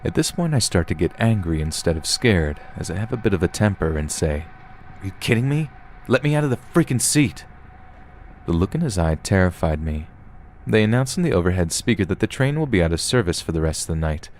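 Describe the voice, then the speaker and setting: A man narrating scary stories in a steady, even storytelling manner, as the host of a horror reading podcast. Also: low voice, fast, a little hiss or hum. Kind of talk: scripted narration.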